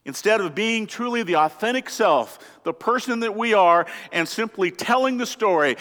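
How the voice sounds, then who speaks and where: A man's voice: high voice, very animated, normal speed, hardly any pauses, fairly bright tone. A man preaching a sermon as pastor, earnest and emphatic, asking the congregation rhetorical questions. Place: church sanctuary. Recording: church hall with long reverb.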